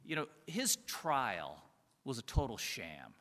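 A man's voice: mid-range voice, wildly swooping pitch, slow, pushed and bright. A man giving a conversational sermon as a pastor, often chuckling and asking his listeners rhetorical questions. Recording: reverberant hall.

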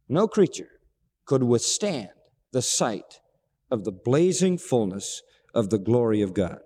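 Man, preacher, sermon, dramatic, hushed lows to ringing highs, very animated pitch, long hall reverb. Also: normal speed, slightly rough.

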